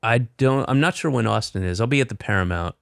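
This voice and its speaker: A man's voice: mid-range voice, lively intonation, fast, vocal fry, no echo, clean studio sound. A middle-aged man, a comedian, chatting casually and telling a rambling story with offhand swearing. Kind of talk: casual chat.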